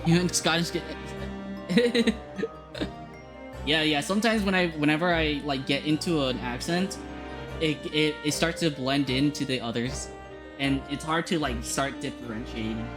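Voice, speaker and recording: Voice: mid-range voice, a little slow. A streamer chatting casually during a live game playthrough, restarting sentences often. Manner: chatty, laughs, trails off and restarts. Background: game music.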